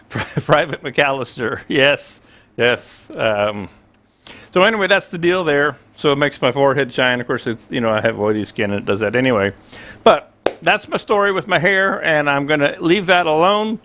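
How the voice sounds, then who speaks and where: A man in his sixties chats loosely on a livestream from his small home studio, and his voice sits a little high for a man. He rambles through stories and plays out both sides of the conversation himself. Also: lively intonation, brisk, a bit bright, slight background noise. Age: 60s. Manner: rambling storyteller, acts out both sides of dialogue. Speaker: livestream host. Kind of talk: casual livestream chat.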